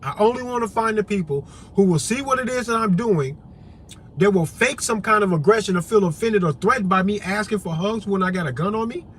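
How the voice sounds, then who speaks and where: High-voiced man on a profane rant. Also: a little fast, a little hiss or hum. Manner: profane, emphatic, preachy, repetitive. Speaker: vlogger and activist. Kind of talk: impassioned monologue to camera.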